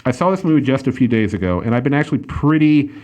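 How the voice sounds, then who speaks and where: This man hosts a laid-back talk show where he reviews a film, often restarting sentences, using many fillers, and laughing readily. His mid-range, slightly mellow voice is expressive, and he talks fast.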